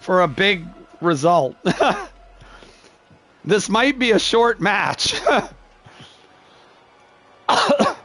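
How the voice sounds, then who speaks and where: Gruff older man streaming a game. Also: sits high, sing-song, fairly bright tone, faint music behind. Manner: gruff, curmudgeonly-sounding, says he is not angry; halting, restarts phrases, chuckles often. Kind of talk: live gameplay commentary talking to chat.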